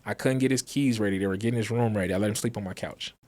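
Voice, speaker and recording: A man's voice: lowish voice, racing. Storytelling man acting out dialogue. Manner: lively storyteller who acts out quoted dialogue. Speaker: guest, graphic designer and business founder. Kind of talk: casual storytelling chat.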